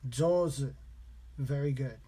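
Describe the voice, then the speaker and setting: A man vlogging his language study, slowly repeating practice phrases aloud in a casual way. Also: medium pitch, dark tone, breathy edge. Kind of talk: casual self-taught lesson vlog.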